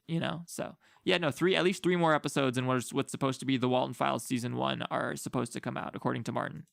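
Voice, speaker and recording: Gravelly streamer guy, rambling chat. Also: medium pitch, steady tone, quick pace, fairly bright tone, no echo, clean studio sound. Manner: rambling, filler-heavy, easygoing. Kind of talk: casual livestream chat.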